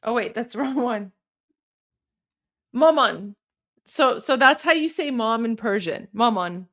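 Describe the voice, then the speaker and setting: High-voiced woman chatting on a livestream. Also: moderate pace, fairly bright tone. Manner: chatty, rambling, reading chat aloud. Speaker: livestream host. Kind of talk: casual livestream chat.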